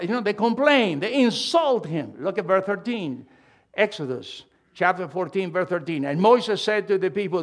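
A man preaching a sermon, emphatic and animated, swinging between loud and hushed delivery with halting restarts. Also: sits high. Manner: halting restarts and repeated words.

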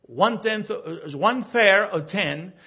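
A man from South America preaches a sermon, reading scripture in a slow, lifted voice and then breaking into quick, broken-English asides and stories. His voice sits high and bright with a husky grain. The recording is muffled and lo-fi. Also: lively intonation. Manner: non-native grammar and frequent restarts. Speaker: pastor.

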